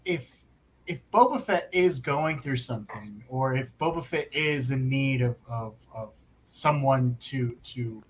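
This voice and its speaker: A man's voice: mid-range voice, lively intonation, a little slow, a little hiss or hum, low-quality recording. A man co-hosting a movie talk show, earnest and hesitant in casual chat. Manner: earnest, hesitant, many fillers. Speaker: podcast co-host.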